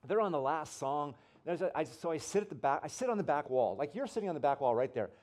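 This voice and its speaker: A man's voice: on the high side, fast talker. A man preaching a sermon to a congregation, telling stories and acting out the voices in them. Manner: storytelling, animated, acts out voices. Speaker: pastor. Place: church in front of a congregation.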